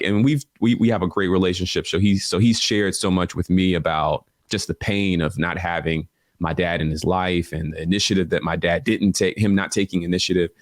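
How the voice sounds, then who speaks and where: Podcast guest, male, very low voice, dry close mic, emotional confessional storytelling. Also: no echo. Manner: emotional, repeats "man" and "like". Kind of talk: personal storytelling.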